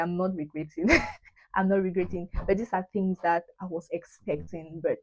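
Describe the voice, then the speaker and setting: A young woman from Cameroon talks straight to camera in a loose, chatty way. She sits in the middle of the usual pitch range for a woman and likes to say a point twice for emphasis, with playful asides. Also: normal speed, highs cut off. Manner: animated, repeats phrases for emphasis, playful asides. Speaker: vlogger. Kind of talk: casual chat to camera.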